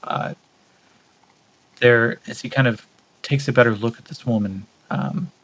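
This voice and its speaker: A man narrates his solo tabletop game in a husky voice at an everyday middle pitch. He thinks aloud, calls his dice rolls and fills gaps with relaxed fillers. His delivery is casual and unhurried. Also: poor audio. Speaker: game master.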